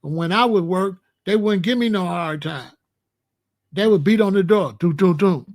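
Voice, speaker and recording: A man's voice: sits high, normal speed. A man from Chicago, hosting his show, telling a story in a casual, slangy monologue and acting out the other people's lines. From Chicago, USA. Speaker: show host.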